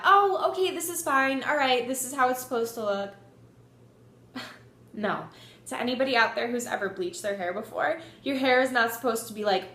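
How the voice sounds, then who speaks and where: Young woman vlogger, fairly high voice, animated sweary storytelling, roomy echo. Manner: animated, swears freely, lots of "like". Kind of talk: casual storytelling.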